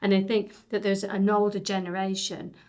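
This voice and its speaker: Brief: woman, mid-pitched voice, photographer, chatty and heartfelt when telling stories. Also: monotone, normal speed, a little mellow. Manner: rambling, heartfelt storytelling with restarts. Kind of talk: casual conversation.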